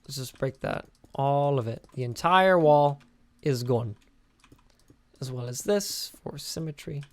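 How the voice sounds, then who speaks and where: A man's voice: medium pitch, animated, unhurried, dry recording. A young man hosting a casual game-building commentary, tired and sleepy, rambling and chatty with lots of fillers and restarts. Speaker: gaming channel host.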